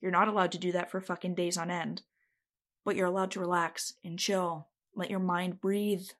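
A woman's voice: lowish voice, level tone, normal speed, fairly bright tone. A woman giving casual self-help advice to camera. She is blunt and feisty, swears freely and stresses her points hard. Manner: feisty, emphatic.

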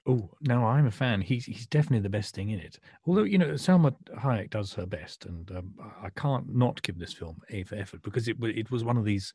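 A man in casual critical chat, measured and wry with a few hesitations. His voice is a touch husky and low, recorded close and dry. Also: lively intonation, warm tone, no echo. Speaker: podcast co-host, critic.

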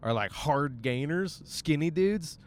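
A podcast host with a somewhat high male voice talks slowly but animatedly while driving, with slight background noise. He rambles casually, mocking himself, swearing a great deal and tossing in silly voices.

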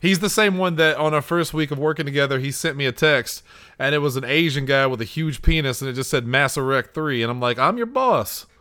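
A man hosting a casual podcast chat, telling loud, jokey stories about snacks and old coworkers. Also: mid-range voice, fast, clear, resonant tone, dry recording, clean studio sound.

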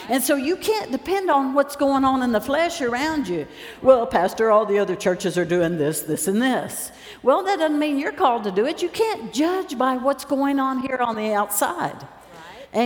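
Woman preacher, animated storyteller, higher voice, recorded in a reverberant hall. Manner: lively storytelling, acts out scenes. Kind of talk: sermon with stage demonstration. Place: large church hall. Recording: roomy echo, long hall reverb.

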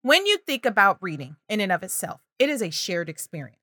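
A woman's voice: medium pitch, sing-song, a little fast, bright, forceful tone, dry recording, clean studio sound. A woman talking parents through early reading and language signs, acting out child and parent voices now and then. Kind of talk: parenting advice video.

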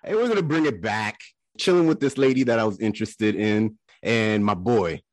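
A man co-hosting a podcast, telling embarrassing stories in a casual, animated way and acting out the voices in them. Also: lowish voice, moderate pace, no echo. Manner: animated, laughing storyteller who acts out quotes. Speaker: podcast co-host.

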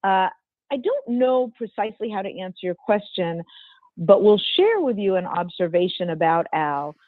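An older woman, a former football executive, telling an interview story in a measured, emphatic way with a strong voice. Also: mid-range voice, very animated, dry recording. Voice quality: strong, not dainty voice. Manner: measured, emphatic, precise phrasing. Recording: tinny phone-like remote line.

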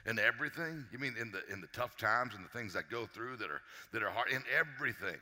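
A man giving an energetic motivational talk to a live audience as a success coach, joking and quizzing the crowd. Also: fairly low pitch, fast, long reverb tail. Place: large hall with a live audience.

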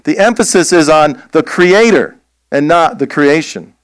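A man preaching a sermon as pastor, slow and emphatic, posing rhetorical questions. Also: on the high side, expressive, clean tone, dry recording.

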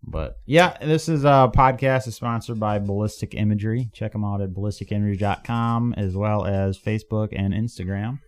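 Guy hosting a chill podcast, lowish voice, rambles a lot and keeps restarting. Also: fairly even intonation, brisk, hardly any pauses. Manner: loose and rambling, with many fillers and restarts. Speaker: podcast host. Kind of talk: casual podcast banter.

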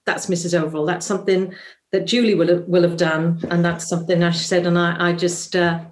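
Woman, Welsh accent, musical theatre actress, interview guest, chatty storytelling, fairly low voice. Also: brisk. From Wales. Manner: chatty storyteller, lively, many ums. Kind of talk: casual interview anecdote.

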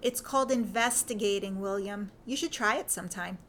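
A woman reading the lines of a brisk, teasing young lady detective in a fan fiction audiobook, sounding impatient and quick. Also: medium pitch, a bit bright, a little hiss or hum, close to an everyday voice.

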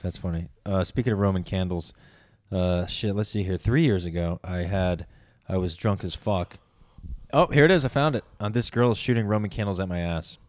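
A man's voice: low-pitched, moderate pace, a little mellow. A young man co-hosting a podcast, telling loose, profane stories and laughing often in casual chat. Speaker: podcast co-host.

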